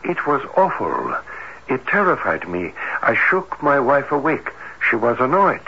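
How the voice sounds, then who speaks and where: An actor playing a reserved heart doctor in an old-time radio drama, speaking in a formal, measured and hesitant way. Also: male voice, mid-range voice, big pitch swings, creaky, breathy edge, exaggerated voice. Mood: earnest. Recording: dull lo-fi radio broadcast with faint hiss.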